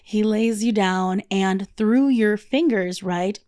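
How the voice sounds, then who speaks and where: A woman's voice: mid-range voice, slow pace, a little mellow. A woman hosting a podcast, telling a story in a chatty, casual way with lots of fillers. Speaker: podcast host. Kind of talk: casual chat.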